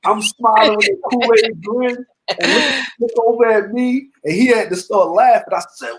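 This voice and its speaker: A middle-aged man with a fairly high speaking voice, co-hosting a relaxed talk show. He tells stories with animated, teasing energy. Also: normal speed, slight background noise, poor audio. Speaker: podcast co-host. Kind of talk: casual chat.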